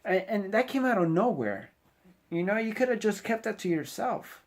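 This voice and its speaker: This middle-aged Navy sailor has a high voice with lively intonation and a moderate pace. Talking casually to the camera, he motivates in a preachy, rambling way, urging the viewer on directly and saying "you know" often.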